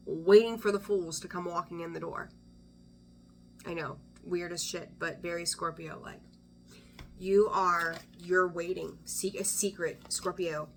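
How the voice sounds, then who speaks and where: A woman with a lowish voice talks through a tarot reading in a loose, chatty way. She is blunt and swears freely, breaking off mid-sentence and starting over. A faint hum of ambient noise sits behind her. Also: a bit bright. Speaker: tarot reader. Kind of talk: casual weekly tarot reading.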